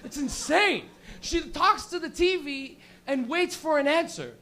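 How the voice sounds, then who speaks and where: A man with a high voice works a small comedy room. His stand-up is loose and full of swearing, and he jumps into little acted-out bits. He grew up in Canada. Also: a little slow. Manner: loose, profane, animated storytelling with acted-out bits.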